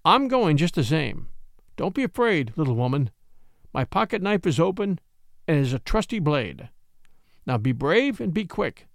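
A resolute young lawyer from an old story, firm and commanding, as a man reads him. The voice is lively in pitch with a gravelly texture, recorded close and dry. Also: moderate pace, no echo. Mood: determined, eager. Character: bold young male lawyer, eager and resolute.

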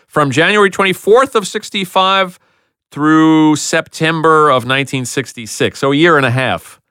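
A man hosting a podcast, chatting casually and reading out TV show titles, names and dates in a quick, animated way. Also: on the high side, clear, resonant tone, no echo, studio quality. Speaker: podcast host. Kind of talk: casual chat, reading out TV listings.

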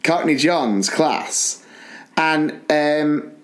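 A man co-hosting a podcast, telling school stories in an animated, laughing way. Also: a little high. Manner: animated, laughing, quick bursts. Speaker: podcast co-host, school teacher. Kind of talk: casual storytelling chat.

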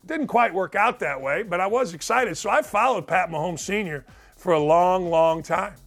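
High-pitched energetic male sports talk host. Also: moderate pace. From Indiana. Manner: energetic, emphatic storytelling.

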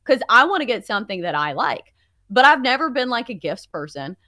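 Lively, bright young woman chatting casually. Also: fairly high pitch, fairly quick, no room sound, studio quality. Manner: chatty, heavy use of "like", wry. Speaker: sports betting podcast co-host. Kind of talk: casual chat.

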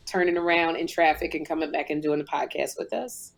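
A woman co-hosting a podcast, telling a story with lively energy and acting out both sides of each conversation, in casual speech. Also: sits low, a little fast, vocal fry. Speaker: podcast co-host.

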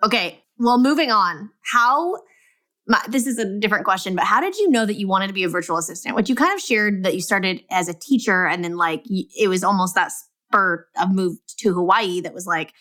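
A woman's voice: medium pitch, animated, brisk, a bit bright. A woman co-hosting a podcast, asking long, rambling questions full of fillers. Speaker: podcast co-host. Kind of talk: casual podcast chat.

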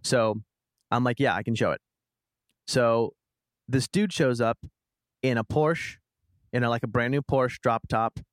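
A man in his twenties hosting a podcast, telling a long story in casual chat, rambling and animated with frequent restarts. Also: medium pitch, measured pace, pauses often, no room sound. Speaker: podcast host.

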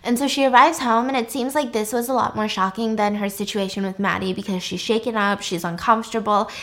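A woman's voice: mid-range voice, steady tone, a little fast, fairly bright tone. A woman casually retelling a movie plot to a listener. She tells it with animation and some profanity. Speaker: host recapping a film. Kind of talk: casual chat.

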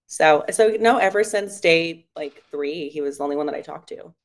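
Low-voiced chatty young woman. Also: moderate pace. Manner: chatty storytelling, quotes herself in lively voices. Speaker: guest. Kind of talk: casual chat.

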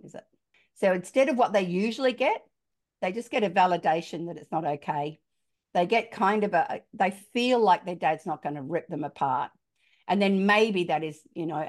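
A middle-aged Australian woman talks in a relaxed podcast chat and keeps slipping into the voices of the people in her stories. Her voice sits a little low for a woman. She sounds like an experienced storyteller, expressive and down to earth. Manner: animated storyteller, acts out quoted dialogue. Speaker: parenting author and guest.

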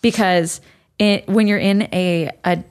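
Low-voiced chatty woman, casual podcast talk. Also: steady tone, measured pace. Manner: chatty, rambling with many fillers and restarts. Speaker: podcast co-host. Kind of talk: casual chat.

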